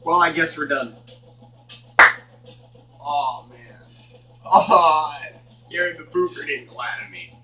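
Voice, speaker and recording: Guy freaking out over a horror game, kinda high bright voice, sitting back from the mic in an echoey room. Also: expressive, takes it slowly, long pauses, far from the mic, background noise. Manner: jumpy, nervous and joking. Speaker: gaming channel host. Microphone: distant from the mic.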